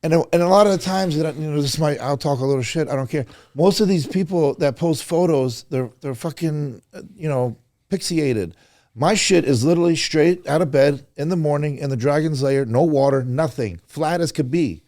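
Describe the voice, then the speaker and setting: A pro bodybuilder appears as a guest on a podcast, talking candidly and casually, swearing, and quoting others in animated voices. His voice is a little high and brisk, captured as a dry recording with clean studio sound.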